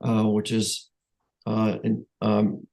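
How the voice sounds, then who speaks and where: A man's voice: on the low side, completely flat delivery, slow pace, creaky, a little mellow. A man with a New England accent, chairing a neighborhood council meeting in casual, rambling talk with many restarts. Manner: rambling, self-correcting, chuckles often.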